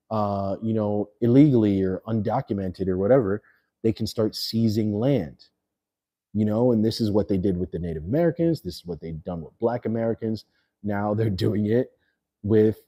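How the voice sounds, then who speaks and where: A man's voice: lowish voice, warm tone. A man hosting a livestream, talking loosely and slangily to his chat after a few beers. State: a little tipsy. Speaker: livestream host. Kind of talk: casual livestream rant.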